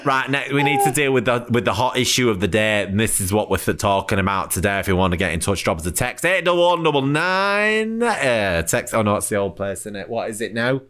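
A man's voice: on the low side, sing-song, brisk, few pauses, a bit bright. A man co-hosting a comedy podcast, joking and riffing with many laughs. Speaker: podcast co-host. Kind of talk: comedic casual chat.

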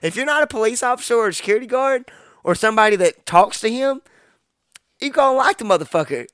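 A man's voice: very high voice, lively intonation, fast, fairly bright tone, clear, resonant tone, no room sound, studio quality. A man co-hosting a podcast, telling a profane story in casual chat and acting out what people said. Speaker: podcast co-host.

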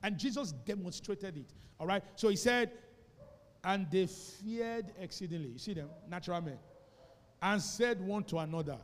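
A man with a Nigerian English accent preaching a sermon as pastor, moving between quiet asides and loud shouted lines and calling for responses from the congregation. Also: high-pitched, lively intonation, normal speed, big-room sound. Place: church hall.

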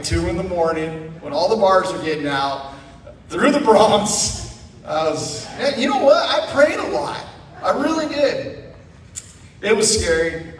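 Animated man telling stories in an echoey church. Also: on the high side, far from the mic, a little hiss or hum. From Idaho. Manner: animated, self-mocking storyteller acting out quotes. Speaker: guest speaker. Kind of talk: storytelling sermon. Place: church sanctuary.

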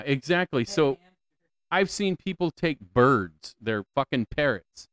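A man's voice: medium pitch, lively intonation, takes it slowly, a bit bright, no room sound. A man hosting a solo podcast, ranting with lots of swearing, repeated questions and stammering restarts, on a close mic. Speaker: podcast host.

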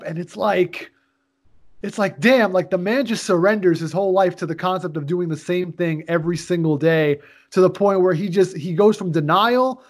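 A man co-hosting a casual podcast, talking in an animated, rambling way and swearing often. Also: high voice. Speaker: podcast co-host. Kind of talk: casual chat.

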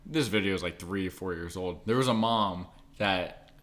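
A young man co-hosting a podcast, telling quick, joking stories in casual chat and quoting people as he goes. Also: low-pitched, a bit bright. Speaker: podcast co-host.

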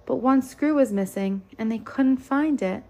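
A woman's voice: sits high, measured pace, mellow. Woman reading a rhyming children's book. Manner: lilting, rhythmic. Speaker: storyteller.

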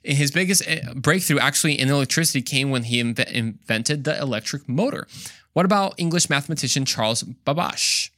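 A man's voice: medium pitch, animated, brisk, bright, forceful tone, no echo, clean studio sound. A young man hosting a Christian podcast, talking casually with jokey, slangy asides. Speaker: podcast host.

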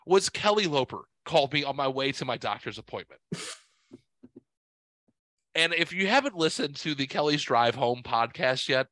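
A man hosting a podcast, telling a story in a casual, profane, animated way and acting out what others said. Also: medium pitch, normal speed, pauses often, dry recording. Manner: profane, animated, quotes people in voices. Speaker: podcast host.

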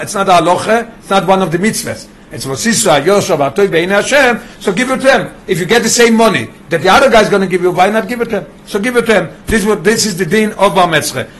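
High-voiced man teaching. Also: fairly bright tone, a little hiss or hum. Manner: mixes English with Yiddish and Hebrew terms, explains with examples. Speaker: Torah teacher. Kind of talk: classroom Torah lesson.

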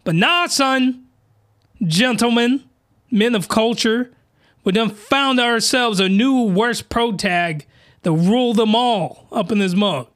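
A man hosting a podcast, delivering an excitable, slangy, rambling comedic rant full of mockery. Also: very high-pitched, takes it slowly, no echo, studio quality. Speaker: podcast host reviewing anime.

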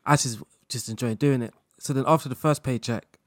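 A man speaking as a guest in a casual interview chat, relaxed, laughing often and talking in loose run-on sentences full of fillers. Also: medium pitch, a little fast, dry recording, studio quality. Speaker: guest content creator.

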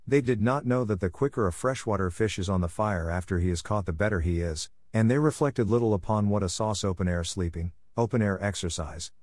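A man narrating a classic novel in a measured, expressive storybook reading. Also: lowish voice, no room sound. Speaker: audiobook narrator.

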